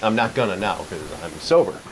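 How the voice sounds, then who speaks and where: A man hosting a podcast, telling stories in a relaxed, joking way and poking fun at himself. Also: lowish voice, fast, background noise. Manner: chatty storyteller, jokes about himself. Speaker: podcast host. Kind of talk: casual chat.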